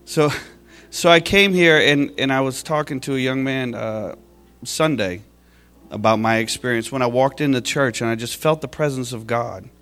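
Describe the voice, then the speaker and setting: A man's voice: mid-range voice, normal speed, fairly bright tone, clean tone. Heartfelt man giving church testimony. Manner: heartfelt, tearful at times, laughing at his own story.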